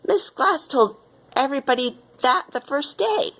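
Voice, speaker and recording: A woman's voice: high voice, lively intonation, measured pace, fairly bright tone, pitched above the performer's own voice, exaggerated voice. A woman voicing a friendly young schoolboy in a children's storybook, speaking in a plain, matter-of-fact way.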